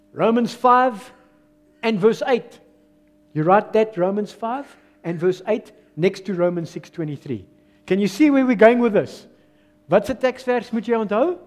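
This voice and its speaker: A South African man preaching a sermon as pastor, slipping into Afrikaans phrases, swinging between loud rises and quiet, low drops.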